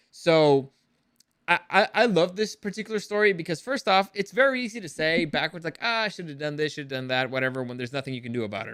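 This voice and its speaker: Guy rambling about news, swearing a lot, crisp clear voice, dry room. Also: on the high side, fairly bright tone, no room sound. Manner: rambling, swears freely, laughs at own jokes. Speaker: entertainment news vlogger. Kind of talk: casual commentary.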